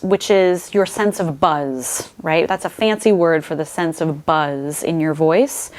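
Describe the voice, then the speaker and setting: A woman voice coach giving an instructional talk to camera, explaining clearly and shifting her voice to show examples. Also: low voice.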